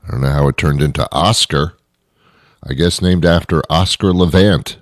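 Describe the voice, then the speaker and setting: A man's voice: extremely low pitch, moderate pace, no room sound. A man hosting a radio show, delivering a rambling comedic monologue with dry jokes and chuckles.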